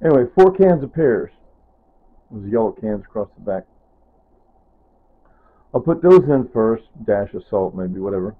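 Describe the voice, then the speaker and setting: A man's voice: on the low side, sing-song, moderate pace, long pauses. Rambling man with a tinny, phone-like sound. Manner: rambling and digressive, often trailing off with "anyway" and "whatever". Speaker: vlogger. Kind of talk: casual kitchen vlog narration. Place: home kitchen.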